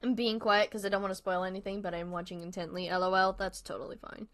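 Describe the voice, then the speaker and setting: A young woman hosting a live stream, softly chatting and rambling in casual commentary as she watches a video, with small laughs, close to a desk mic at home. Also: medium pitch, level tone, fast talker. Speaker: livestream host. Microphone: desk microphone close up.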